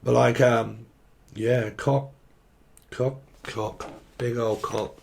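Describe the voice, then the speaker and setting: A man's voice: medium pitch, steady tone, drawn-out words, gravelly, darkish tone, slight background noise. A man giving a loose, joking tarot reading, playful and crude, drifting into silly asides. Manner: playful, crude, jumps into silly put-on voices and bits. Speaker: tarot reader.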